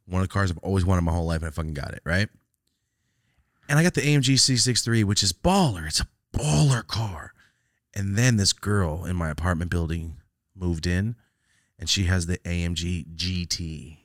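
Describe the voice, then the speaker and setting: A man hosting a casual podcast, telling stories in an animated way, swearing freely and laughing often. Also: low voice, normal speed, no room sound, clean studio sound. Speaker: podcast host.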